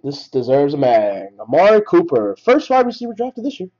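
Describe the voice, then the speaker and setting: A man hosts a live card break, slowly calling out each card he pulls and lifting his voice at the good ones. His pitch swings widely, with a fairly high voice. The stream audio sounds dull and lo-fi. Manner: rattles off names, excited at big hits. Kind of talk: live card-opening commentary.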